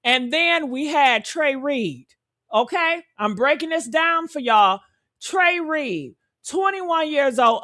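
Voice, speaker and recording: A woman delivers a fiery commentary rant to her channel. Her voice sits high and she drags out her words slowly and deliberately. She hammers home each point by repeating it. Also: fairly bright tone. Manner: fiery, emphatic, repeats phrases for effect.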